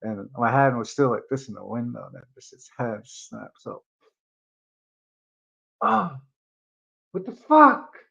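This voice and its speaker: A man's voice: mid-range voice, steady tone, normal speed, creaky, hardly any pauses, muffled recording. A man telling a rambling personal story on his channel, swearing freely and leaning on fillers. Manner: rambling, profane, lots of fillers. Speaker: vlogger. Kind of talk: casual storytelling.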